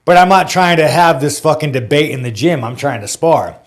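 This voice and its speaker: Man, casual profane storytelling, rambling with lots of "like", a little high-pitched. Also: expressive, a little fast. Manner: rambling, heavy use of "like" and swearing.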